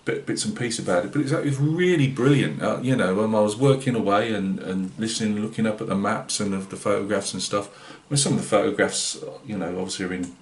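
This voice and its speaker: Northeast English man, hobby channel host, chatty and halting, low voice, roomy echo. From Britain. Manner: rambling and hesitant, many fillers and restarts. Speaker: scale-modelling channel host. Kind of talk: casual vlog chat. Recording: roomy echoey room.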